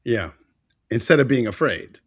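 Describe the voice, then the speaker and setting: A man hosting a podcast, telling stories in a casual, animated way and acting out what people said. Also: mid-range voice, moderate pace, breathy edge, dry recording, studio quality. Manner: animated storyteller, acts out quotes. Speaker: podcast host.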